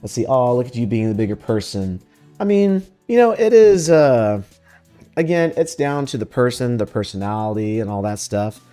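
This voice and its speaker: Man, mellow dark voice, laid-back and profane, livestream chat, faint guitar music behind. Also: mid-range voice, sing-song, moderate pace, clear, resonant tone. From Texas. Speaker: VTuber streamer. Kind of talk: casual livestream chat answering questions.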